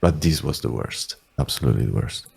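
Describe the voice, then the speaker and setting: A man's voice: a bass voice, animated, a little fast, gravelly, husky. A man in his forties with an Italian accent, a singer chatting as an interview guest in a meandering, self-deprecating way. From Italy. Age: 40s. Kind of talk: casual chat.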